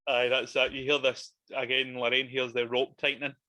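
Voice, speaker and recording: Man, bright tense tone, dry sound, laughs a lot. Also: medium pitch, level tone, moderate pace, no echo. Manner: laughs often, sweary. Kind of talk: casual chat recapping a horror film.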